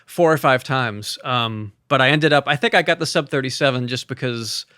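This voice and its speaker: A man's voice: medium pitch, normal speed, sharp tone, clear, resonant tone, dry recording, clean studio sound. A man who composes music, co-hosting a podcast in a casual, enthusiastic chat, full of fillers and restarts. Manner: enthusiastic, loose, with frequent fillers. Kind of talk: casual conversation about synths.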